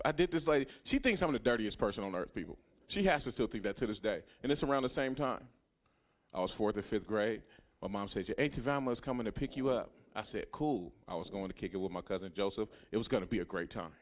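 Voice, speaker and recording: A man in his thirties doing a stand-up comedy set, telling a profane story that swings from hushed asides to loud punchlines. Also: on the low side, fast. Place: comedy club stage.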